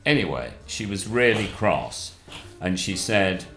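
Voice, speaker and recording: A man's voice: low-pitched, very animated, a little slow, fairly bright tone. An older man telling a story in casual chat, acting out the other people in it. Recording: roomy echo with faint music.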